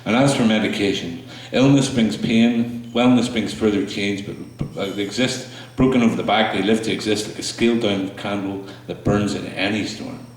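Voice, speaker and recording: A man performing his spoken word poetry to a small audience, slow and halting between pieces, with fillers and restarts. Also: lowish voice. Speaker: poet performing his work. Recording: echoey room, mic far off.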